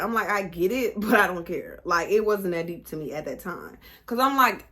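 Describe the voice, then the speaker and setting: A woman, animated and sassy, acting out the back-and-forth of a conversation. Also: lowish voice, moderate pace, few pauses. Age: 20s. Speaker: vlogger. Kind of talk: storytime vlog.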